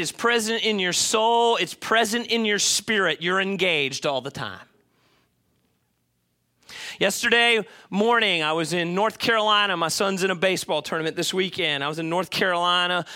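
A middle-aged man preaching a sermon as a pastor, animated, moving between loud emphasis and quiet asides and acting out voices. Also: high voice. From United States.

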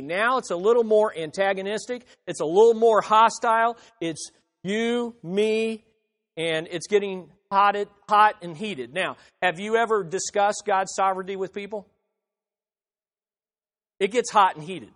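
A man's voice: high voice, a little slow, fairly bright tone. A man preaching an expository sermon, emphatic, repeating phrases and acting out the objections he quotes. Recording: reverberant hall.

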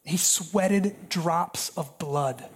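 Impassioned preacher dropping to hushed whispers. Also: mid-range voice, extremely slow, breathy edge. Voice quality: swings between raised intensity and hushed, near-whispered passages. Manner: emphatic, repetitive, building cadences. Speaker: pastor. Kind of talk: sermon.

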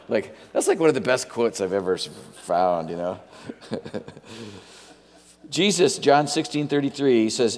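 A man's voice: fairly low pitch, lively intonation, moderate pace, pauses often. A middle-aged man preaching a sermon as a pastor, casual and joking, often wandering off topic. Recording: long hall reverb.

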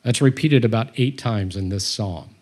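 A man's voice: lowish voice, moderate pace, darkish tone, husky. A man teaching a Bible study, reading scripture aloud and commenting on it with humor.

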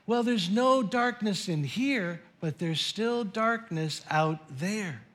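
A man's voice: sits high, animated, slow, a bit bright, full character voice. A man voicing a small, frightened bear cub in a bedtime story during a sermon. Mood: scared.

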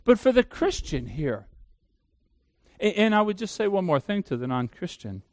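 A man preaches a sermon with emphatic conviction. His voice sits high and swings widely in pitch. The sound is dry and close, with no room echo. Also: very animated, normal speed, a little mellow. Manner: asks the listeners questions and answers them himself. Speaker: pastor.

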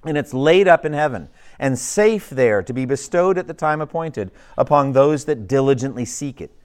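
A man's voice: mid-range voice, expressive, normal speed, natural voice. A man voicing an earnest male pilgrim who pleads with his neighbors in old-fashioned, fervent speech.

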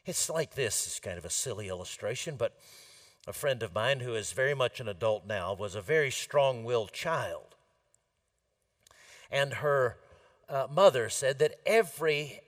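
A man preaching a sermon in an earnest way, building to emphatic repeated lines and then dropping soft and low.

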